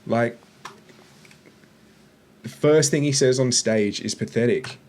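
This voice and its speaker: A man tearing into what he watches with sarcastic, swearing commentary. His voice sits at an ordinary middle pitch, and he talks bluntly and mockingly. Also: takes it slowly, background noise. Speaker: reaction video host.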